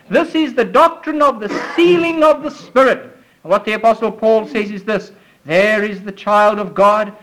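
A man's voice: sits high, fairly bright tone, low-quality recording. A man preaching a fervent sermon, with emphatic repetition and a voice that swells and drops. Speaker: pastor.

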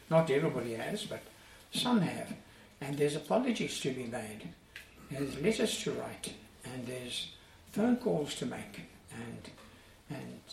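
A man's voice: fairly high pitch, creaky, a little mellow, a little hiss or hum. A man preaching a sermon in an earnest, emphatic way, repeating key phrases for weight. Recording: echoey room, distant mic, faint ambience.

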